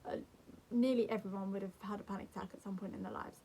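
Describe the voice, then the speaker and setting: A young woman vlogger giving calm, earnest advice to camera in a gentle, soothing way. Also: mid-range voice, fast talker, breathy edge. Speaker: mental health vlogger.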